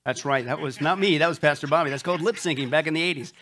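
A man's voice: a little high, racing, pushed and bright. A male pastor giving church announcements and an opening prayer, upbeat and joking, often saying "that's right". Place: church sanctuary before a live congregation.

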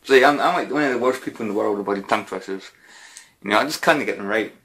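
A man's voice: on the low side, fast, a bit bright. A man answering viewer questions in a casual, rambling way, with lots of fillers and mild swearing. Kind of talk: casual Q&A chat.

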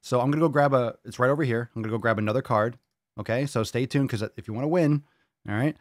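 A man's voice: medium pitch, quick pace, dry recording, studio quality. A man hosting a podcast, chatting casually in a joking, rambling way that often breaks off mid-sentence. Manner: joking, chatty, self-interrupting. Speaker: podcast host.

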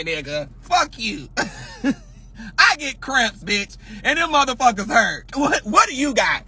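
Loud sassy high-voiced man ranting. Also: very animated, a little slow, husky. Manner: loud, projecting, sassy, profane, laughs often. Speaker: livestream host. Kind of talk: casual livestream rant.

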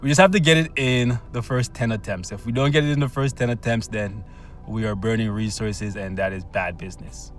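A man hosting a gaming channel, talking through gameplay in a casual, excitable way, coaxing his luck with slang and bursting into cheers. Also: fairly low pitch, brisk, soft background music. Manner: bursts into loud shouts and cheers when excited; coaxes the game with slang and pet names.

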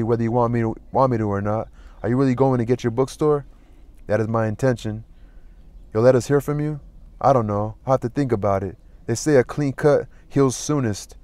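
A man reading a novel aloud in an even, plain manner, lightly voicing the dialogue. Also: medium pitch, no room sound. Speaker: audiobook reader.

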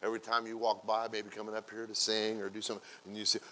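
A man preaching as a pastor, acting out everyday scenes in playful quoted voices and building from quiet asides to loud, drawn-out exclamations. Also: lowish voice, little pitch movement, a little hiss or hum. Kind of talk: sermon.

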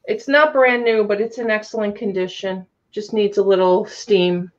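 A woman's voice: mid-range voice, steady tone, normal speed. A woman hosting a casual live-stream sale, chatting and calling out viewers by name. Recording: dull lo-fi sound.

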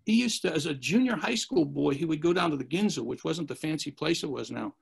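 A gravelly man telling stories as a podcast guest, rambling from one anecdote to the next. His voice sits a little high for a man and has a husky grain, and he slips into the voices of the people he quotes. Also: animated, a little fast. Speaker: interview guest. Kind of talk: storytelling in a podcast interview.

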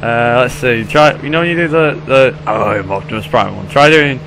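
A man streaming a video game, chatting casually and excitably and laughing often. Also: medium pitch, normal speed, background noise. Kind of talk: casual gaming chat.

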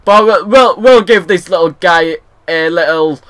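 Excitable young gamer guy, bright. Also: sits high, a little slow, clear, resonant tone. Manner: excitable, rambling, shouts at the game. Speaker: gaming video host. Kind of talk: casual game commentary.

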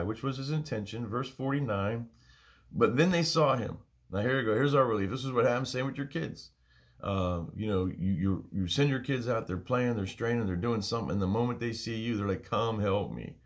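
Earnest lower-voiced man teaching Bible study. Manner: earnest, conversational, repeats phrases for emphasis.

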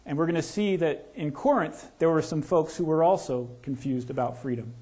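A male pastor preaching a sermon in a church, talking casually and asking the congregation questions. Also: breathy edge. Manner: conversational, asks the congregation questions; lowers to a soft, slow voice in prayer. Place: church sanctuary.

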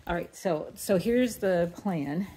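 On her vlog, a woman dog breeder chats casually while showing off her puppies in their indoor pen, speaking slowly with background noise behind her. Now and then she coos at them in a high baby voice.

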